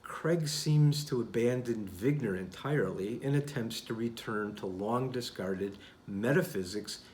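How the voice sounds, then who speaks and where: Deliberate, didactic male narrator. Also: mid-range voice, darkish tone, a little hiss or hum. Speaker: channel host. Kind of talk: scripted narration of a rebuttal.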